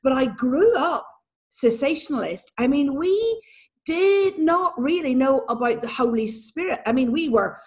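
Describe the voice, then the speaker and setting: Northern Irish woman, 40s, guest on an interview, bright higher register, animated and laughing. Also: unhurried. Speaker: guest, prophet and church leader. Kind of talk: casual interview talk.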